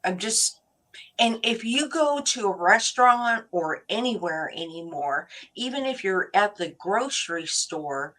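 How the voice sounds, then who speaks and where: A woman's voice: mid-range voice, lively intonation, a little slow, bright, forceful tone. A woman hosting a casual chat stream, talking in a rambling, chatty way and laughing often. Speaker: host.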